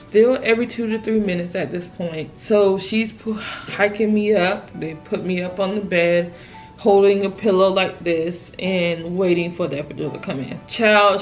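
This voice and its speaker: A young woman vlogger telling her own story in a casual, emphatic and exasperated way, often dropping "child" as an aside. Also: lowish voice.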